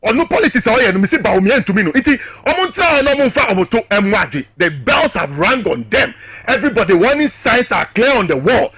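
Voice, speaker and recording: Ghanaian man, heated talk-show guest; rapid, sharp, slightly raspy delivery full of rhetorical questions. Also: extremely high pitch, very animated, dry recording. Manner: impassioned, hammering rhetorical questions. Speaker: political guest.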